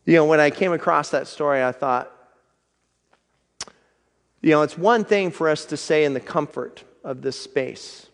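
A male pastor giving an earnest, conversational sermon in a church, slowing down for emphasis and closing in prayer. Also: fairly high pitch, big-room sound.

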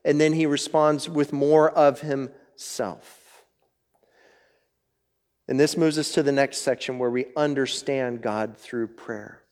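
A man delivering a sermon with a slightly high voice. He talks in a conversational way and keeps checking in with the congregation. A long reverb trails each phrase, as if he is in a big hall. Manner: conversational, checks in with "right?" and "all right?"; reads scripture aloud, then explains it. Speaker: pastor.

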